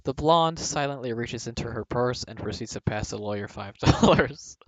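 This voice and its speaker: A man's voice: mid-range voice, moderate pace, no echo. Man reading jokes, laughing between lines. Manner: breaks into laughter mid-sentence. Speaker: video host reading jokes aloud. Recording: dull, dry home recording.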